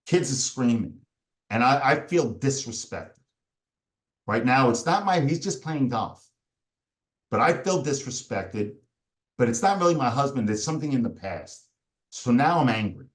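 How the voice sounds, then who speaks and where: A man's voice: mid-range voice, lively intonation, measured pace, pauses often. A man, a performance coach, explaining a method step by step in a podcast interview and briefly acting out the voices of people in the story. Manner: explains step by step, acts out angry inner voices.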